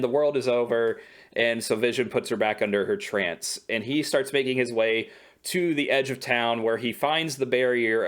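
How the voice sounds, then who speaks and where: A man recaps an episode for his podcast co-host, talking at an even middle pitch. He rambles and stops to correct himself. The tone is relaxed and conversational. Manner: rambling, self-correcting storyteller.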